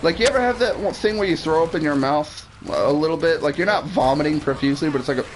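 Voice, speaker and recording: Guy streaming a game, rambling story, swears a lot, voice sits a bit high, faint hiss behind. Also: expressive, brisk, low-quality recording. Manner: rambling, swears freely, restarts sentences. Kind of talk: casual storytelling while gaming.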